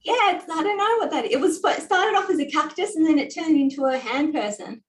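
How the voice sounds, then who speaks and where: A woman's voice: high voice, expressive, fairly quick. A woman sharing her drawings on a video call, chatty and a little hesitant. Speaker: workshop participant. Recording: echoey room with faint noise.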